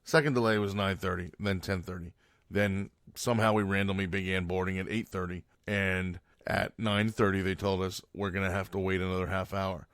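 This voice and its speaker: Speaking a little fast with a low, fairly flat, slightly bright voice, a podcast host wanders through a long casual story, correcting himself frequently and leaning on fillers. The sound is clean studio audio with no room ambience.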